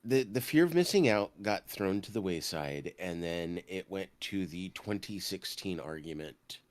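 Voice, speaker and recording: Man podcaster, very low voice, dry close sound, deadpan wisecracks. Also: a little slow, no echo. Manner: deadpan one-liners. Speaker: podcast co-host. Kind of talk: casual chat.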